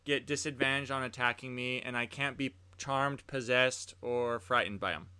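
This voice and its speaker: A man's voice: mid-range voice, fairly even intonation, normal speed, sharp tone, clear, resonant tone. A man playing a tabletop role-playing game, chatting casually and talking through what his character does and says. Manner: playful, talks through his character's actions. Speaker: player.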